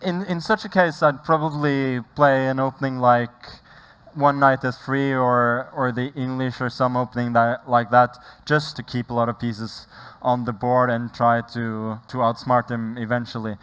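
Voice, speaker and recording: A man's voice: mid-range voice, flat delivery, moderate pace, a bit bright, clean tone. A man with a Norwegian accent, a chess player answering an interview question thoughtfully, with hesitant restarts.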